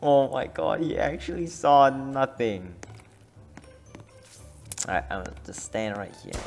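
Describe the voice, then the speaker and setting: A man's voice: medium pitch, very animated, unhurried, creaky, faint music behind. A man giving casual, jokey gameplay commentary, laughing and swearing often. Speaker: gamer.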